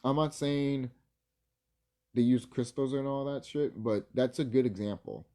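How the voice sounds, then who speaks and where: A man's voice: medium pitch, a little slow, dark tone. A man vlogging casually, rambling and swearing, laughing easily and stumbling over his words. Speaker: video creator.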